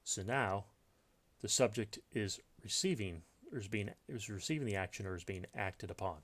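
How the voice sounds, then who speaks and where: Low-voiced man teaching grammar. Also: normal speed, fairly bright tone. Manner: unscripted, thinking aloud with many fillers and restarts. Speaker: writing teacher. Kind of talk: explaining grammar in a recorded lesson.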